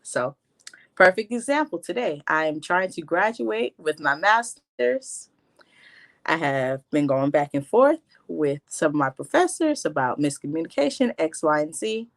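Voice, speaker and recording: A woman's voice: deep voice, big pitch swings, a little slow, no room sound, low-quality recording. A young woman speaking as a panelist in a casual talk, candid and straightforward.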